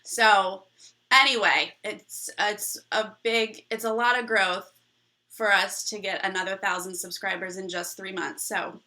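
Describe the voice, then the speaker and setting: A woman's voice: mid-range voice, fairly even intonation, unhurried, pushed and bright. A young woman hosting a casual live chat with her viewers, bubbly and rambling, laughing often. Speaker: livestream host.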